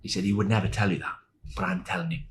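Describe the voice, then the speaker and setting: A man in his sixties, a former footballer, telling animated anecdotes as a podcast guest and laughing as he goes. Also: sits low, very fast, a little hiss or hum. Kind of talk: anecdotal storytelling.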